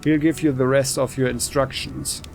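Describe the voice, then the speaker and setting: A man reading aloud the lines of a calm, measured gang boss from a game, in his own plain voice. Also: mid-range voice, vocal fry, soft background music, natural voice.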